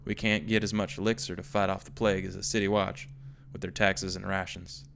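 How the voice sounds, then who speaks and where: A man's voice: low voice, level tone, vocal fry, fairly bright tone, slight background noise. A man voicing a male slum gang member, telling the tale with a put-on Southern drawl as he reads an in-game note aloud. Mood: storytelling. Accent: slipping into a put-on American Southern drawl. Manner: unhurried storytelling read-aloud. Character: male slum gang member recounting his boss's rise.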